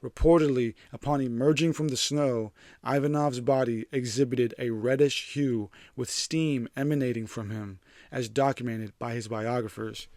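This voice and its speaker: Guy reading out a history story then cracking crude jokes, average pitch, super dry sound. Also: steady tone, normal speed, a little mellow, dry recording. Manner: irreverent, profane, jokey asides. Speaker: host. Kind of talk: casual commentary over a scripted narration.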